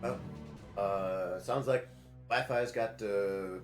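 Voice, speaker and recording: A man voicing a stoic, gruff middle-aged man with a flat Canadian accent in a tabletop game. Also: on the low side, takes it slowly, echoey room, music in the background. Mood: matter-of-fact.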